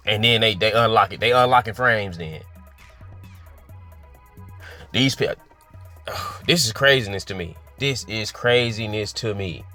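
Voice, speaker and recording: A man at an ordinary pitch rants casually about gaming, swearing freely and piling up exasperated rhetorical questions. Faint music sits quietly underneath his voice. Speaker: gaming commentator. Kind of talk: casual opinion rant.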